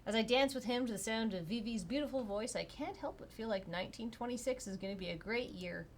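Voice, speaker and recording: A woman's voice: fairly high pitch, fast talker, slight background noise. A woman narrating and playing a tabletop role-play, chatty and self-deprecating. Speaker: player and narrator.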